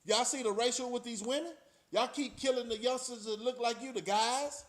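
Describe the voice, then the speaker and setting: A middle-aged man with a notably high speaking voice, recounting his past in a loose, streetwise way. He swears freely and keeps turning to his viewers. His talk is casual and unscripted. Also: fairly even intonation, normal speed, fairly bright tone. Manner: streetwise, profane, talks straight to the audience. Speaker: channel host.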